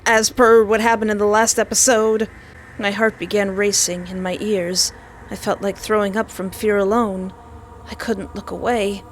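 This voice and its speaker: A young woman playing through a visual novel, reading the narration aloud and reacting with dramatic, playful asides and shrill screams. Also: flat delivery, moderate pace, a little hiss or hum. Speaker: let's play host.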